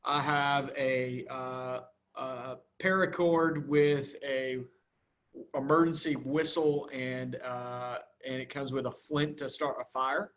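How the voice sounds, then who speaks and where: A man's voice: mid-range voice, steady tone, slow pace, a bit bright, dull audio. A man co-hosting a podcast in casual chat, hesitant with many fillers, and defensive when teased. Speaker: podcast co-host.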